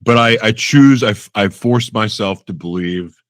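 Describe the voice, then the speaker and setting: Deep-voiced laughing podcast host, man. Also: moderate pace, no echo. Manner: self-deprecating, laughs often, acts out his own reactions. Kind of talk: casual conversational interview.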